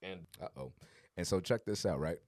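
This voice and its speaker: A man's voice: deep voice, normal speed, darkish tone, dry recording, studio quality. A man co-hosting a podcast, telling stories in a casual conversation and driving points home through repetition. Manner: storytelling, emphatic repetition. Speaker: podcast co-host.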